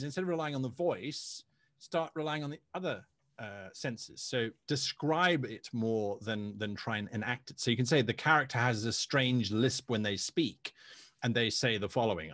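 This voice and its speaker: A man hosting a casual panel discussion, animated and quick with jokey asides. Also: mid-range voice, no room sound, studio quality. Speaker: panel host.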